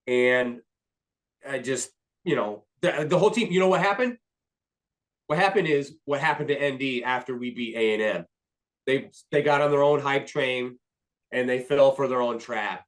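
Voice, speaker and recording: Excitable, rambling male sports podcaster. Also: medium pitch, moderate pace. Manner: excitable, rambling, restarts often, swears. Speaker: podcast co-host. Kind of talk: casual sports talk.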